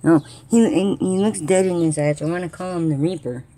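Woman vlogger, casual commentary, lowish warm voice, talks to animals and viewers. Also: fairly quick. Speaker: squirrel-watching vlogger. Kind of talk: casual running commentary to camera.

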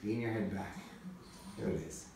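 A man in his forties talks casually at home as a father and vlog host, gently coaxing and teasing and saying the same few words again and again. He sounds set back from the mic in a very echoey room. A faint hiss sits underneath. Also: lowish voice, level tone, normal speed, vocal fry, distant mic. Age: 40s. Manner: coaxing, playful, keeps repeating himself. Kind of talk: casual family chat.

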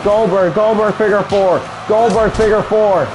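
A young man casually commentating a video game he is playing, calling moves with excitement, shouting at big moments and muttering asides to himself. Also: sits high, normal speed, background noise. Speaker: gaming video creator.

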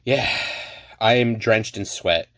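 Speaking slowly in a fairly low voice with a crowd audible in the background, a card-opening channel host chats casually while opening packs in his apartment. He breaks into loud, theatrical outbursts in spurts.

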